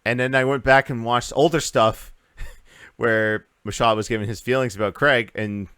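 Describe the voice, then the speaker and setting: A man's voice: mid-range voice, steady tone, moderate pace, a bit bright, smooth, no echo, studio quality. A man hosting a casual gaming podcast, rambling through news with lots of uhs and restarts. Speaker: podcast host.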